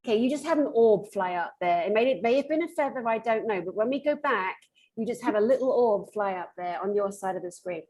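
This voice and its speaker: A woman's voice: mid-range voice, expressive, fairly quick, a little mellow. A woman hosting a casual interview over a video call, effusive and enthusiastic. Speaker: host.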